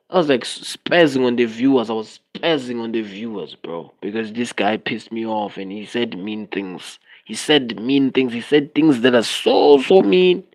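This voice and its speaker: A man with a South African accent chatting casually on a livestream, rambling and animated, often switching between languages. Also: mid-range voice.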